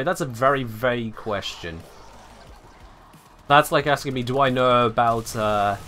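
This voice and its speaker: A male game streamer giving live commentary, speaking with sweeping highs and lows like an old-time radio host. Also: pushed and bright.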